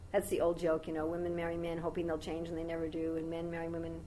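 A woman's voice: sits low, completely flat delivery, fast, mellow, a little hiss or hum, low-quality recording. A woman giving a devotional talk as a spiritual teacher, telling a long story in a rambling, conversational way with asides to her listeners.

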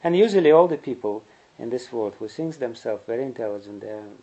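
A man's voice: medium pitch, lively intonation, quick pace, dark tone, muffled recording. A man giving a spiritual lecture, telling stories in a rambling way and chuckling often. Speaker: spiritual teacher.

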